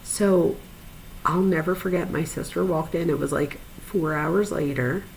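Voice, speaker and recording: A woman telling a personal story in a chatty, animated way, with frequent fillers and sudden high-pitched asides. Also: a little slow, creaky, slight background noise, rough recording. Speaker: podcast host, psychologist.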